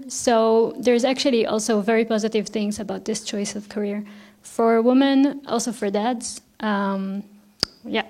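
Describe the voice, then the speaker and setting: Friendly woman moderator at a panel, slightly high voice. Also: a little mellow. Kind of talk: round-table moderation. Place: lecture room.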